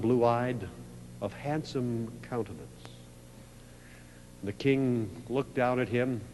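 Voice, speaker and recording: A man preaching a sermon, telling a story in a dramatic way that swells from a hush to a loud climax. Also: mid-range voice. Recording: reverberant hall with faint mains hum.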